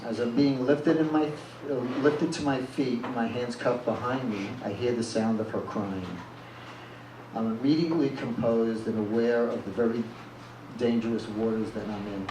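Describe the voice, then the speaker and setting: A man's voice: mid-range voice, moderate pace. Blunt male storyteller at a live reading, plain-spoken; echoey room, distant mic, noisy. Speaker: reader at a live reading series. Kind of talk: reading a first-person story aloud. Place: live reading event venue. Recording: echoey room from far off, with noise.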